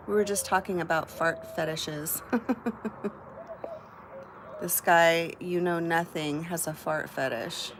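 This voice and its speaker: A woman's voice: fairly low pitch, fairly even intonation, slow, pauses often, a bit bright, a little hiss or hum. A middle-aged woman hosting a live stream from home, chatting casually and candidly with her viewers and swearing freely. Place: at home, indoors.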